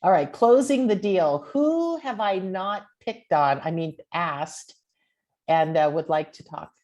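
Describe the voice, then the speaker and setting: An upbeat woman runs an online training over a video call, coaching and encouraging each participant. Her voice moves lively up and down. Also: lowish voice, slow, highs cut off. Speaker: real estate trainer.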